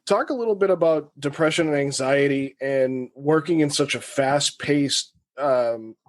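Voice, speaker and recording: A man's voice: on the high side, measured pace. A man hosting a sports podcast, chatting and joking easily with a guest. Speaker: podcast host. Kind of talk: casual interview chat.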